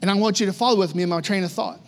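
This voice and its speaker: A male pastor preaching a storytelling sermon in an animated, conversational way, full of repetition. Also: sits high, racing, long reverb tail.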